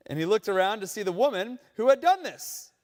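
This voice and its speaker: A man preaching a sermon in a conversational, animated storytelling manner, acting out quotes along the way. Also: high-pitched, a little fast, big-room sound. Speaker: pastor.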